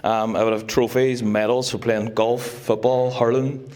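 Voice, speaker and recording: A man's voice: medium pitch, little pitch movement, unhurried, a little mellow. A young man giving a joking, teasing best man speech at a wedding. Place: wedding reception room.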